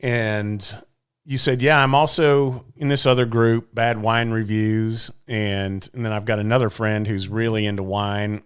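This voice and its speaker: A man's voice: on the low side, steady tone, measured pace, clean tone. A man telling a story in casual chat, with frequent restarts and asides. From Texas. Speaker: podcast guest.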